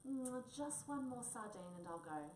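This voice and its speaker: A woman's voice: fairly high pitch, lively intonation, unhurried, darkish tone, a little hiss or hum, pitched above the performer's own voice. A woman voicing a greedy male cat who overeats and moans, heard in a roomy space from a distance. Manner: moaning, greedy. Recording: roomy, distant mic, faint ambience.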